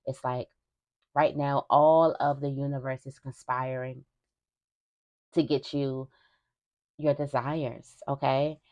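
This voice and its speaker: A woman's voice: very deep voice, flat delivery, slow pace, long pauses, darkish tone, highs cut off. A young woman giving a spiritual reading to her viewers in a casual, emphatic way, repeating phrases as she talks. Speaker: tarot reader.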